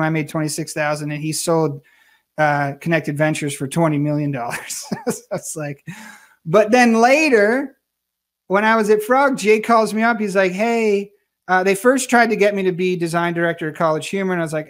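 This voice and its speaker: A man being interviewed, telling career stories in a casual, animated way and acting out what others said. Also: fairly high pitch. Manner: animated storyteller, acts out quoted voices. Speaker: guest.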